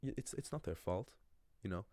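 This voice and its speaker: A man's voice: low-pitched, lively intonation, a little fast, mellow, no room sound. A young man, a language teacher, talks through an anecdote in a casual, opinionated, rambling way. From Ireland. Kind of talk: casual explanatory video monologue.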